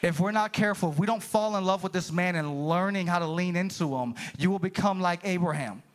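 In a church sanctuary, a high-pitched male pastor preaches a little fast and with real fervor. He calls out to the congregation as his delivery swells and falls.

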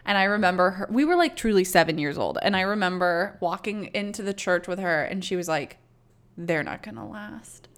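A woman's voice: on the low side, animated, fairly quick, few pauses, smooth. Laughing, profane young woman co-host. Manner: laughs often, blunt and profane, tells stories. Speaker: podcast co-host. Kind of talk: casual chat.

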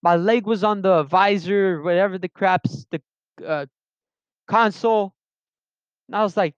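High-voiced teen guy rambling through a story. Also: normal speed, pauses often, clean tone, no room sound, lo-fi sound. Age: late teens. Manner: rambling, with frequent restarts and fillers. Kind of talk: casual storytelling.

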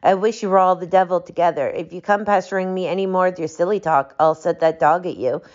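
Woman narrator doing a loud, quick-tempered male poultry seller, barking and brusque, in a storybook reading. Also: lowish voice, steady tone, natural voice. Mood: furious. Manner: shouting and brusque. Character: angry, blustering male market poultry salesman. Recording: dull lo-fi audiobook recording.

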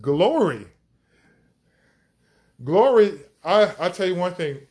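Slow, enthusiastic man preaching. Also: high voice, big pitch swings, darkish tone. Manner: enthusiastic, drawn-out emphasis on key words. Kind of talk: podcast teaching on scripture.

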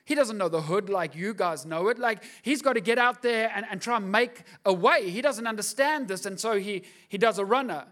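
High-voiced pastor preaching in slangy asides. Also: male voice, brisk, hardly any pauses, fairly bright tone. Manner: casual slangy storytelling with acted-out asides. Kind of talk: sermon.

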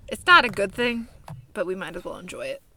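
A young Californian woman co-hosts a podcast, chatting casually with lots of fillers and laughter. Her medium-pitched voice is expressive, bright and forceful, and she talks a little fast. There's a slight hiss or hum in the audio.

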